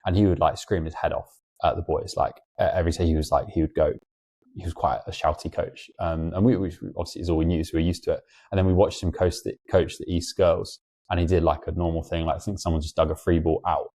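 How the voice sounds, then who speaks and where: Brief: young host, very low mellow voice, rapid chatty delivery. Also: male voice, flat delivery. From England. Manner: chatty, lots of fillers, quick storytelling. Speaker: podcast host. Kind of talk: casual interview chat.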